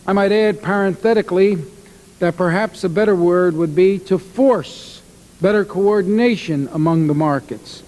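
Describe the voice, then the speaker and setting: A man who is a congressman giving a formal statement at a hearing, halting with frequent uhs. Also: high-pitched, darkish tone. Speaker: ranking minority member of congress.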